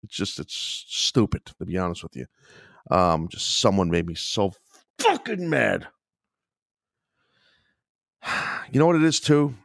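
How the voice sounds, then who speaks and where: Agitated low-voiced man hosting a podcast. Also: lively intonation, measured pace, gravelly, long pauses, dry recording, clean studio sound. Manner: agitated, frustrated, swears, sighs often. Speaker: podcast host. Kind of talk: casual solo podcast rant.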